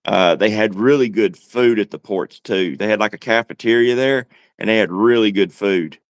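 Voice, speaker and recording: A man's voice: fairly low pitch, moderate pace, no room sound. A man co-hosting a casual livestream chat, talking in a laid-back, wry drawl. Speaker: livestream co-host.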